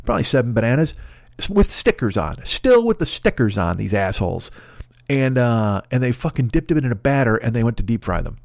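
A man's voice: mid-range voice, sing-song, fairly quick, vocal fry, no room sound, clean studio sound. A man hosting a podcast, ranting in a profane, exasperated and rambling comedic way. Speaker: podcast host.

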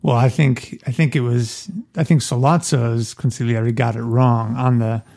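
A man's voice: medium pitch, steady tone, measured pace, darkish tone. A man co-hosting a podcast, chatting casually about a film, laughing often. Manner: laughs often, quotes lines in gruff put-on voices. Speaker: podcast co-host.

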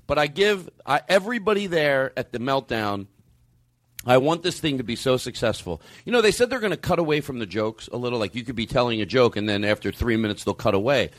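A man's voice: mid-range voice, expressive, a little fast, dry recording. A middle-aged man hosting a comedy podcast, telling rambling, profane, self-mocking stories. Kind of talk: rambling comic monologue.

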